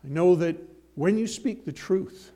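A man preaching a sermon, emphatic, slowing and swelling on key phrases, with folksy asides and homely examples. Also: high-pitched, warm tone. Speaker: pastor.

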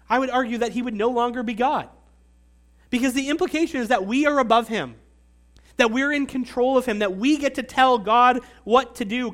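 A man preaching a sermon, earnest and teaching, with emphatic pauses. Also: extremely high pitch, fairly bright tone. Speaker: pastor.

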